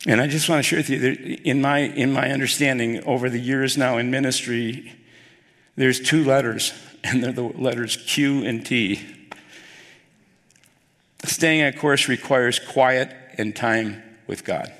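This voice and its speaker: A male pastor preaching a sermon, telling the story with animated, acted-out dialogue. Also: mid-range voice, measured pace. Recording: long hall reverb.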